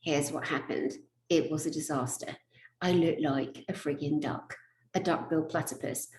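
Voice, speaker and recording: A woman and spiritual therapist telling a humorous personal story, animated, laughing often and swearing casually. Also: deep voice, normal speed. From England. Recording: echoey room.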